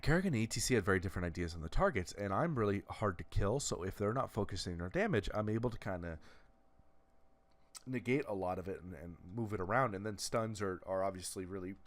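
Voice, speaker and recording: A man's voice: low voice, a little fast. A man giving casual, analytical commentary over video game footage, often restarting and filling with "uh.". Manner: analytical, lots of restarts and fillers. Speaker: gameplay commentator.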